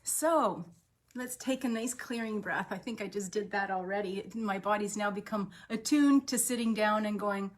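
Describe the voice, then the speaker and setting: A woman coaching on breath and energy in a relaxed live stream. She talks gently and chattily, often pausing on um and starting over, with a middle-pitched voice that stays easy and unhurried. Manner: gentle, chatty, with many ums and restarts. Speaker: holistic health coach. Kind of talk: daily live wellness talk. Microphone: webcam on a live stream.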